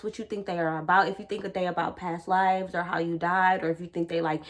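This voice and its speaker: Young woman vlogging, casual spiritual talk, blunt and sweary, lots of slang, animated. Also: mid-range voice. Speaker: vlogger and tarot reader. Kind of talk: casual spiritual chat to camera.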